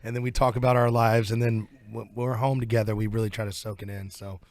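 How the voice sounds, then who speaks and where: A man with a Southern US accent, talking as a country singer guest in a relaxed, rambling interview chat in a radio studio. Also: lowish voice, quick pace, no room sound. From southern United States. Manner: relaxed, rambling, laughs easily.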